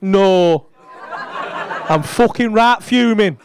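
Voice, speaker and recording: A stand-up comedian doing crude, teasing crowd work on a club stage. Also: male voice, sits high, slow pace, noisy background. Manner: crude, teasing banter with the audience. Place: comedy club stage before a live audience. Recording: live club recording with loud crowd laughter.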